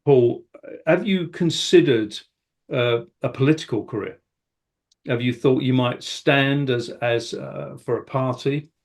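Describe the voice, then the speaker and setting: A man, interviewing a guest and asking halting, rambling questions full of restarts. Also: mid-range voice, vocal fry. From South London. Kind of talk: casual interview talk.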